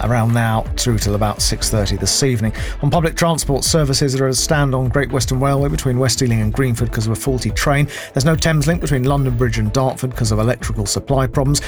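A man reads a scripted radio travel bulletin in a brisk, matter-of-fact way. His voice sits at a mid pitch. Faint music plays underneath. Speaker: travel news reader. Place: radio studio.

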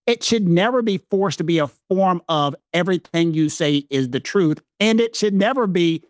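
A man with a Southern American accent holds forth on legal matters in a lecturing, emphatic way, stacking repeated phrases. His voice sits high for a man, and the recording is dry and close. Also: expressive, moderate pace, dry recording. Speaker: legal commentator co-host. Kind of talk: podcast discussion.

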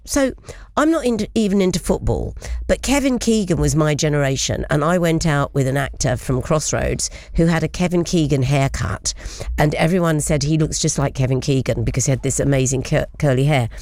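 A woman's voice: deep voice, animated, a little fast, a little mellow, no room sound. A woman hosting a radio talk show, telling a funny story in a chatty, laughing way. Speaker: radio host. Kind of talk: casual chat.

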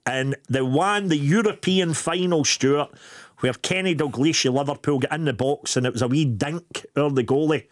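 A man's voice: a little high, normal speed. A middle-aged Scottish man co-hosts a radio show, telling stories in easy, chatty banter. He laughs often and keeps things loose and friendly. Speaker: radio co-host.

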